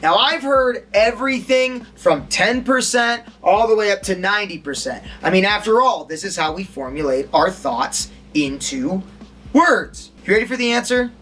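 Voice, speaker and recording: Animated male acting instructor. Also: sits high, normal speed, soft background music. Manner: animated, demonstrates tones and quizzes listeners. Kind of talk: recorded lesson to an audience.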